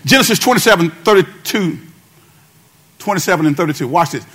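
Man preaching high, keeps asking the church if they're with him, sing-songy. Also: expressive, brisk, a bit bright, husky. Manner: call-and-response preaching, repeats phrases, at times sing-song. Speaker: pastor. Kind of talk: sermon.

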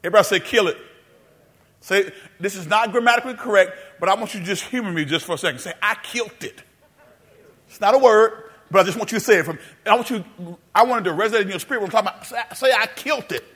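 A male pastor preaching a sermon in a church sanctuary, calling on the congregation to answer back, half-singing some lines and rising to shouts. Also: high voice, racing, breathy edge. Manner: call-and-response preaching, sings some phrases, rises to shouts.

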